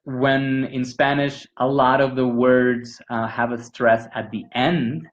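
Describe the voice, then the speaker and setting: A man leads a teachers' workshop in a patient, explanatory way, pausing often on fillers. His voice sits at an ordinary pitch for a man. The recording sounds slightly dull and muffled. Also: fairly even intonation. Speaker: pronunciation workshop leader. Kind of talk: teaching conversation.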